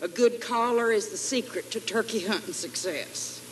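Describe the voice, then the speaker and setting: A woman's voice: mid-range voice, normal speed. A woman with a Texas accent giving folksy political speeches, drawling out wry one-liners. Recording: echoey hall, faint noise.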